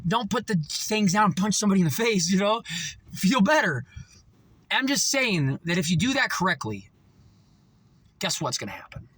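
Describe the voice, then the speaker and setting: High, lively man ranting with profanity. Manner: rambling and profane, with frequent fillers; animated storytelling. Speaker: motivational vlogger. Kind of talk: casual motivational monologue.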